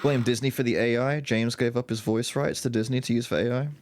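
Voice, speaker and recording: A man's voice: mid-range voice, fairly even intonation, brisk, background noise. A man streaming a video game, giving casual commentary with crude, joking asides. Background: loud game music.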